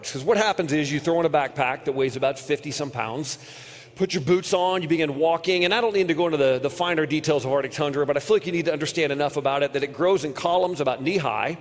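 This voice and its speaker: A man preaching a conference sermon, telling a personal story earnestly and dropping quiet at its painful moments. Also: a little high. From United States. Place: large hall. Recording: long hall reverb.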